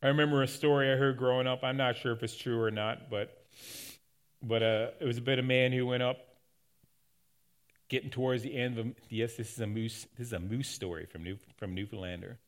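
Mid-range in pitch, fairly quick, and fairly even in intonation, this middle-aged Canadian man preaches as a pastor. The sermon unfolds as folksy, conversational storytelling drawn from his own life, with many restarted sentences.

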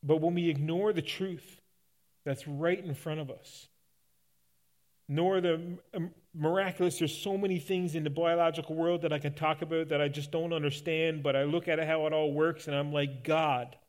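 A man's voice: on the high side, fairly even intonation, normal speed. A middle-aged man from Canada, a pastor preaching a sermon in a conversational, folksy storytelling way, often restarting his sentences. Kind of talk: sermon with personal stories.

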